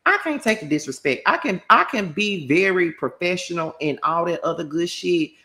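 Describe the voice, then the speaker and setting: A man with a slightly high voice tears into his subject in a heated commentary rant. He swears freely and fires off one rhetorical question after another, never letting up. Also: lively intonation, sharp tone. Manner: profane, combative, rapid-fire rhetorical questions. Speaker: commentary YouTuber.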